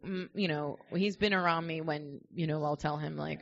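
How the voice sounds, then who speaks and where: A woman's voice: low-pitched, fairly even intonation, moderate pace, vocal fry, slight background noise. A woman guest on a podcast, telling stories in a chatty, rambling way and joking as she goes. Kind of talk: casual storytelling chat. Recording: dull lo-fi festival recording.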